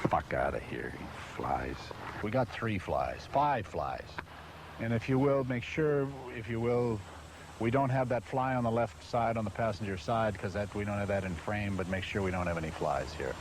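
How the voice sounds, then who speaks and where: A man's voice: fairly low pitch, animated, moderate pace. Cursing, exasperated man on noisy old tape. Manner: exasperated, swearing constantly, forgetting lines. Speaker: spokesman filming a promotional video. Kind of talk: profane outtakes from a video shoot. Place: outdoors by a vehicle under hot lights.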